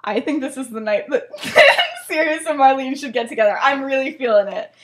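An eager, gullible teenage boy wizard, as a woman retells the story gushes in a high, excited, breathless way. He buys every trick his friends play on him. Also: fairly quick, noisy background.

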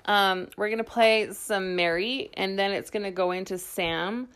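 A woman's voice: medium pitch, a little slow, a bit bright, clean tone. A woman hosting a podcast, chatting casually and reading messages aloud with awkward laughs. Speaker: podcast host. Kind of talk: casual chat recapping a show.

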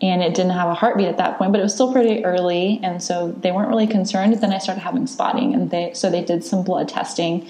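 A woman's voice: on the low side, fast talker, few pauses, warm tone, echoey room. A woman in her thirties, a podcast host, candidly telling a long personal story in casual chat, with lots of fillers and restarts.

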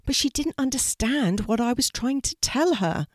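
A woman's voice: a little high, lively intonation, moderate pace, no room sound, clean studio sound, voice pushed up. A woman voicing a curious, doubtful young girl in a storybook reading. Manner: questioning, a bit sarcastic.

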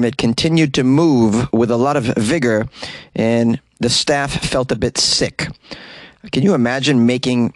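A man's voice: mid-range voice, dry recording. A man hosting a comedic news podcast, reading odd stories with wry, joking asides, recorded in a closet. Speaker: podcast host.

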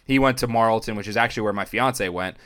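A man's voice: quick pace, clear, resonant tone. A young man chatting casually on a sports podcast, telling stories and acting out what others said with big jumps in his voice. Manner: animated storyteller, acts out quotes with big pitch jumps. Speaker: sports reporter and podcast guest.

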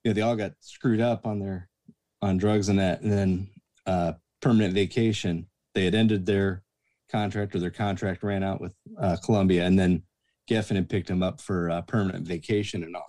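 A man with a low voice, speaking at a normal pace, casually recounts a backstage anecdote. He's a guest and former promoter's assistant, an animated storyteller who acts out the voices of the people he quotes.

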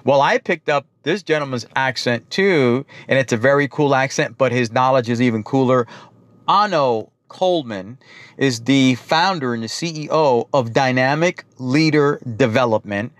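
A man's voice: mid-range voice, moderate pace, no echo. A man with a New York accent hosting a business talk show, introducing guests in an upbeat, emphatic way.

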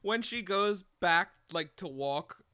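Excitable young male podcast co-host, lively high voice, casual and profane. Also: slow pace, clean tone. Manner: excitable, swears a lot, laughs often. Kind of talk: casual chat.

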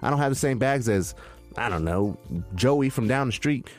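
A man co-hosting a casual crypto talk show, talking in an animated, preachy way and acting out quotes in a raised voice. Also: mid-range voice, normal speed, soft background music. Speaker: crypto podcast co-host. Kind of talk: casual chat.

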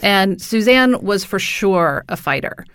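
A woman co-hosting a podcast in casual conversation, quick to agree and laugh along. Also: mid-range voice, animated, a bit bright, smooth, no room sound, clean studio sound. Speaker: podcast co-host.

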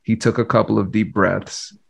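A man hosting a podcast, talking quickly and earnestly and restarting his sentences. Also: lowish voice, level tone, creaky. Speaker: podcast host, mediator. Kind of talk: casual interview talk.

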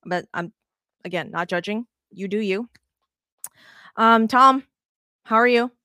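Woman podcast host, casual baseball chat, animated and rambling, smooth clear voice, dry close sound. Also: medium pitch, slow pace, no echo. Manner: animated, swears freely, rambling restarts.

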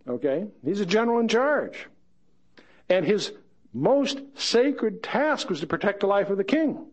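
A man's voice: high-pitched, very animated, unhurried. A man teaching verse by verse through a Bible passage, chatting with joking asides and reading the scripture quotes dramatically.

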